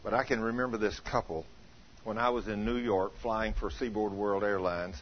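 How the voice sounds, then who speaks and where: A man pastor giving a folksy, story-filled sermon, animated and acting out the people he quotes, now and then breaking into a shout. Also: lowish voice, normal speed, a little hiss or hum. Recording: dull lo-fi recording.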